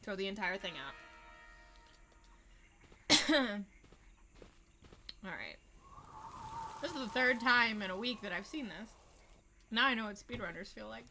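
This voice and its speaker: A woman's voice: medium pitch, lively intonation, unhurried, pauses often, sharp tone, a little hiss or hum. A young adult woman livestreaming a horror game, giving casual, chatty gameplay commentary full of crude, self-mocking asides.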